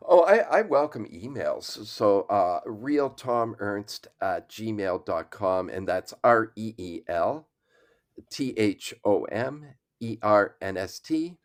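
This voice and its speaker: Film critic guy on a podcast, kinda low voice, stumbles n repeats words. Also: lively intonation. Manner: halting, stammers and repeats words. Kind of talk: casual interview.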